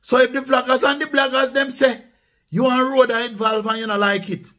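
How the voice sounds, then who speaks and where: A man's voice: very high-pitched, flat delivery, fairly quick, pushed and bright. A man with a Jamaican accent giving emphatic political commentary in a casual vlog, dropping into patois and repeating points for stress. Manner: emphatic, repetitive, mixes patois into speech.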